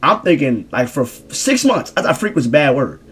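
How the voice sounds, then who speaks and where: A young man with a husky, breathy voice tells a casual storytime rant full of slang and swearing. He swings between loud, high outbursts and quiet, muttered asides, and his voice sits at an ordinary middle pitch. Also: big pitch swings, moderate pace. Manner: slangy and profane, bursts of loud high exclamations between low mumbled asides. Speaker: streamer telling a story.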